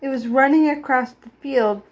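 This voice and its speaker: Woman, children's story read-aloud, expressive, gasps, fairly high pitch. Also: moderate pace, muffled recording.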